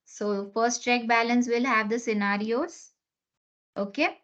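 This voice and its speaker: A woman's voice: a little high, steady tone, a little slow, fairly bright tone. A woman teaching an online class, explaining step by step and often checking in with "okay?". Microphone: computer mic on a video call. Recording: lo-fi online meeting recording.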